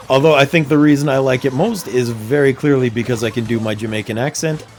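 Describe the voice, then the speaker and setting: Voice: medium pitch, animated, measured pace, pauses often, soft background music. Chatty streamer laughing while gaming. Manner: chatty, talks to self, laughs often. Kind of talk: casual livestream chat while gaming.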